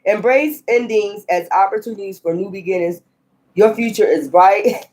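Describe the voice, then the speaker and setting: A woman's voice: mid-range voice, normal speed, darkish tone. A woman reads tarot cards in a loose, unscripted style. She is blunt and scolding, curses freely and laughs often as she talks to her viewers. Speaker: tarot reader. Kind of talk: casual tarot reading.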